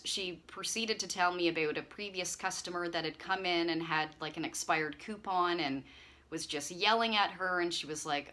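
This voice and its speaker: Bright-voiced woman chatting casually. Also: lowish voice, moderate pace. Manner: chatty, warm-hearted rambling with frequent fillers. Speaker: channel host. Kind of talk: casual chat to camera.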